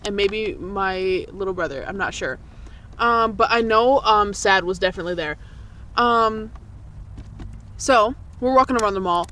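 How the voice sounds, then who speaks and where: A young woman co-hosting a podcast, telling childhood stories in casual chat, swearing freely and jumping up in pitch when she quotes people. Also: fairly bright tone. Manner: swearing, laughing, jumps high for quoted voices. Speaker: podcast co-host.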